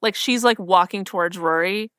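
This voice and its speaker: A woman's voice: mid-range voice, bright, forceful tone, smooth, no room sound, clean studio sound. Chatty young woman co-hosting. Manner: chatty, lots of "like", quick laughs. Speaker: podcast co-host. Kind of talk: casual recap chat.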